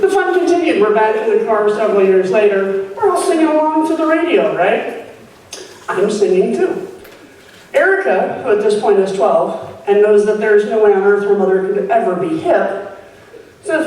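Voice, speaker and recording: A woman's voice: mid-range voice, normal speed. A woman in her forties performing a stand-up comedy set, telling stories and acting out quoted lines. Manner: animated storytelling, acts out quotes. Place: stage at a live showcase. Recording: echoey room from far off with noise.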